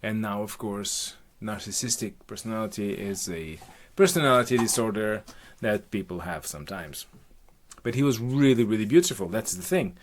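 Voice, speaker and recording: A man's voice: lowish voice, lively intonation, moderate pace. A man improvising a rambling, profane comic retelling of a myth, with jokey asides. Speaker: comic storyteller.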